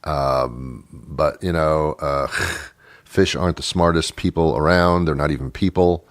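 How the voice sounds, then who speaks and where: A man's voice: extremely low pitch, fairly even intonation, unhurried, no room sound, studio quality. A middle-aged man hosting a radio show, delivering a rambling, wry comedic monologue with many restarts. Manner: rambling, self-interrupting, wry.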